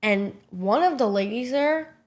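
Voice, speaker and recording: With an animated delivery, a measured pace, and a darkish tone, a young woman streamer vlogs a trip, talking to camera in a casual, chatty manner. She swears without restraint and acts out what people said in high, squeaky voices.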